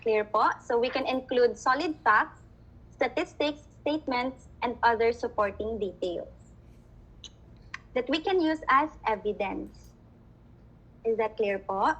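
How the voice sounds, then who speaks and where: A woman's voice: a little high, measured pace, pauses often, a bit bright, husky, muffled recording. A woman teacher with a Filipino accent, giving an online class lecture over a video call, mixing English with Tagalog and often checking that students understand.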